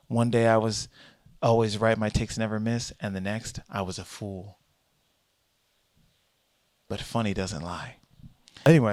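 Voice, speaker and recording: A man and comedian talking casually to his viewers in a rambling, animated monologue full of restarts. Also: mid-range voice, creaky, no echo, clean studio sound. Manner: rambling, animated, self-correcting. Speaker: vlogger and comedian. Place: in transit, Boston.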